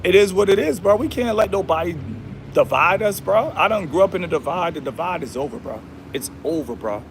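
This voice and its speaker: A man's voice: high-pitched, animated, a little fast, a little hiss or hum. A man hosting a casual livestream, talking in a preachy, repetitive way with slangy speech and Bible verses. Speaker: livestream host.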